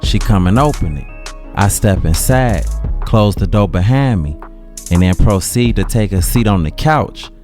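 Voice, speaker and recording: A man with a Chicago accent narrating a dramatic story in a slangy, casual way with dramatic pauses. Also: on the low side, lively intonation, a little mellow, faint music behind.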